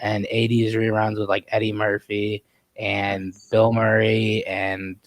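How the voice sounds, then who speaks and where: A man chatting as a podcast guest, telling easygoing stories that trail off softly. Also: lowish voice, monotone, takes it slowly, no room sound. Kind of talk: casual chat.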